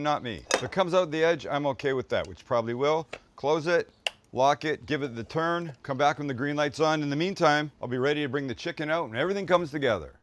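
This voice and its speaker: This cooking show host has a medium-pitched voice, with a slight hiss or hum in the recording and food sizzling nearby. Casual and joking, he cooks while talking to his crew and himself, cursing from time to time.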